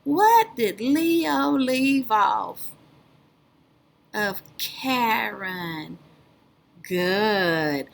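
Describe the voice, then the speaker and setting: Woman teacher, children's speech lesson, patient, sing-song, very slow, drawn-out words. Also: on the high side, sing-song, vocal fry.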